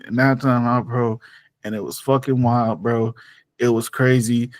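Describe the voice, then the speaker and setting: A man's voice: medium pitch, flat delivery, unhurried, no room sound. A man hosting a podcast in casual chat, laid-back, laughing often and ending lines with "bro". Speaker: podcast host.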